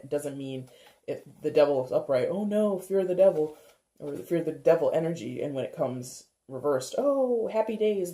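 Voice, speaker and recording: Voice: medium pitch, dark tone. A tarot reader giving a casual reading, chatty and thinking aloud, with frequent laughs. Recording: roomy echo.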